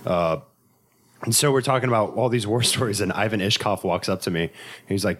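A man's voice: on the low side, a little fast. A male comedian and military veteran telling a profane, rambling story in casual podcast talk. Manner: profane, rambling anecdote with frequent fillers. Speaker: stand-up comedian and Marine veteran.

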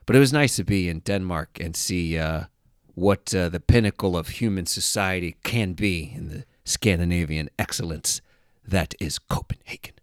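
A man's voice: low-pitched, moderate pace, no room sound, studio quality. A man talking casually to camera as a travel vlogger, joking and sarcastic, with a rambling, offhand way of talking. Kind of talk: casual monologue.

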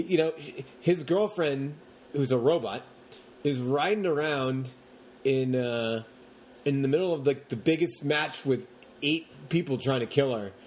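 A man co-hosting a podcast, chatting casually about movies in long, animated rants and mocking the characters as he goes. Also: medium pitch. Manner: rambling, animated rants with mocking put-on quotes. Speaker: podcast co-host.

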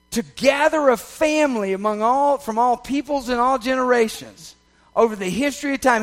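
A man preaching a sermon, swinging from loud, emphatic passages to soft, confiding ones and checking in with the congregation. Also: extremely high pitch, normal speed. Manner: conversational, checks in with the audience. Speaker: pastor.

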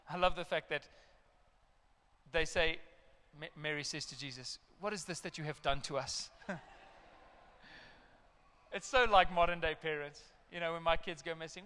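Middle-aged male pastor, bright tenor, lively sermon storytelling, long church reverb. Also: high-pitched, moderate pace, long pauses. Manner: animated storytelling with acted parental outbursts.

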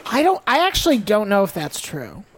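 A woman's voice: mid-range voice, wildly swooping pitch, a little fast, crowd noise. A woman on a podcast in casual chat, hedging and self-deprecating. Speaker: podcast producer.

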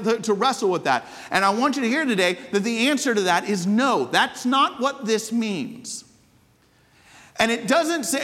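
A man's voice: high-pitched, a bit bright. A man preaching a sermon to a congregation in a conversational way, full of rhetorical questions. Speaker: pastor. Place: church hall with congregation. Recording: long hall reverb.

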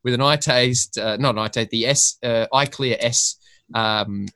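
Aussie bloke rambling on a podcast, swears a lot, bright crisp voice. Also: male voice, medium pitch, steady tone, measured pace, no room sound. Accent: Australian. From Australia. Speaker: podcast guest. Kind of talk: casual chat.

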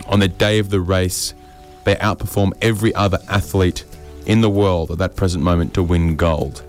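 A man's voice: deep voice, darkish tone. A man rambling through a comic monologue with dry, self-mocking asides. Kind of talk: comedic monologue.

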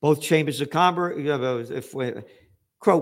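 A man's voice: mid-range voice, a little slow. An older man hosting a commentary show, ranting angrily and sarcastically with lots of swearing. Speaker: show host. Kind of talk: angry political commentary.

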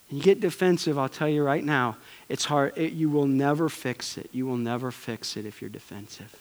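A man preaching a sermon with passion, swinging from loud urging to hushed pleading. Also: fairly high pitch, expressive, fairly quick, hardly any pauses. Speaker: pastor. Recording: long hall reverb.

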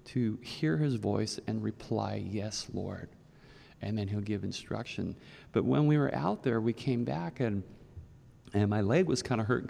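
A man's voice: medium pitch, gravelly, a little mellow. A man preaching a conversational sermon to his congregation, telling a personal story with many restarts and fillers. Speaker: pastor. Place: church sanctuary. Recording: long hall reverb.

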